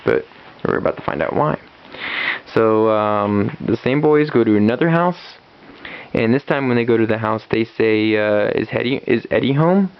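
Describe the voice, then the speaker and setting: His voice lowish yet clear and resonant, a man animatedly retells a comic book's plot at normal speed in a casual review. He rambles with many fillers and restarts, and the recording is dull and lo-fi.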